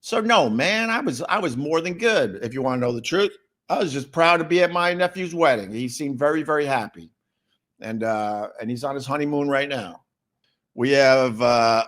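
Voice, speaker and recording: A man's voice: medium pitch, moderate pace, a bit bright. A middle-aged man hosting a livestream, chatting casually and answering viewer comments in a rambling, sarcastic way with many repeated words. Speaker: livestream host.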